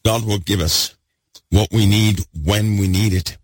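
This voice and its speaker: A man preaching a fervent sermon, repeating himself and swinging between loud bursts and hushed asides. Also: fairly low pitch, fairly even intonation, unhurried, no room sound.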